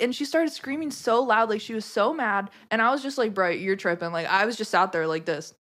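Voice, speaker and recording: A woman from Florida, a podcast guest, telling a story in casual chat, animated and swearing freely. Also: mid-range voice, quick pace, few pauses. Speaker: podcast guest, tarot reader.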